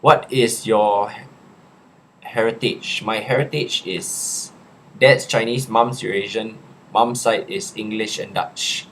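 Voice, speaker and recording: A young Singaporean man in a casual live chat, reading viewers' questions aloud and answering them in a relaxed, chatty way. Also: lowish voice, slow, slight background noise.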